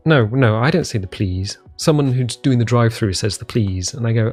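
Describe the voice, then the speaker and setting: A man's voice: medium pitch, lively intonation, a little fast, few pauses, a little mellow, breathy edge, faint music behind. A man with an English accent talking casually to camera in a vlog from his living room, rambling and self-deprecating with many ums and restarts. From England. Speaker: vlogger.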